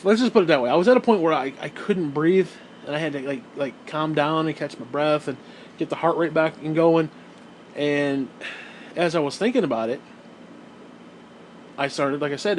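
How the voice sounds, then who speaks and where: A gaming and wrestling video host with a slightly high voice tells his viewers a rambling story in a casual rant, repeating himself, swearing and laughing now and then. The audio is poor, with slight background noise.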